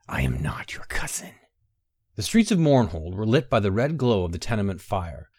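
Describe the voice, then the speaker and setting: A man narrating a story, reading in a measured, expressive way. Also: lowish voice, no room sound, clean studio sound.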